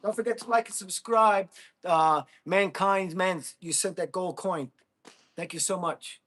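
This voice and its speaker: An American man hosting a casual livestream, chatting with viewers, thanking them and whooping with excitement. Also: high voice, a little slow. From United States. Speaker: livestream host.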